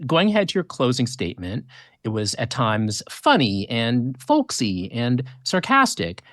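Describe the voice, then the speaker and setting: A man with a very lively, rising and falling voice, recorded close and dry. He is an interviewer putting probing questions to a lawyer. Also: mid-range voice, unhurried, no room sound.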